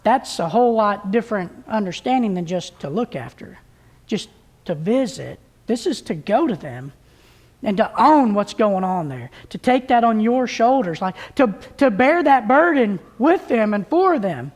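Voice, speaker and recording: A woman's voice: mid-range voice, big pitch swings, normal speed, darkish tone. A woman preaching a conversational sermon at a church service, plain-spoken and folksy, often restarting her sentences.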